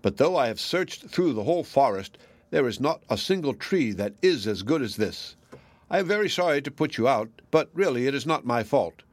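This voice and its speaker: A man voicing a sly, scheming male fox, smooth and falsely regretful. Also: medium pitch, very animated, moderate pace, dry recording, pitched above the performer's own voice.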